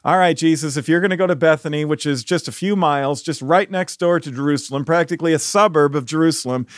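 A man's voice: on the high side, fast talker, no echo, studio quality, close to an everyday voice. A preacher acting out a sarcastic, fearful disciple who jokes to hide his fear. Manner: sarcastic, joking.

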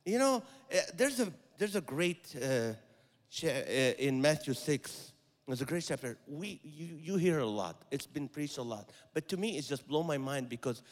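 High-voiced man preaching in a reverberant church. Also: moderate pace. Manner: animated, rising to loud emphatic exhortation then dropping soft; tells stories, acts out quoted voices. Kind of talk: sermon. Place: church sanctuary. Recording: long hall reverb.

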